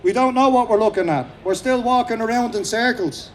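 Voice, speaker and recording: A middle-aged Irish man giving a rousing, fast-paced speech at an outdoor rally. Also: very high voice, a little hiss or hum. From Ireland. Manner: fast-talking, repetitive, rousing. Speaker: speaker at a rally.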